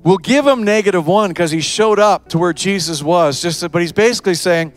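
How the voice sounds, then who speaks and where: A male pastor with a high-pitched voice preaches with lively energy. He jumps into quick character voices to make his point. Soft music plays faintly behind him. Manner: animated preaching, acts out voices of parents, children and Jesus. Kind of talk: sermon.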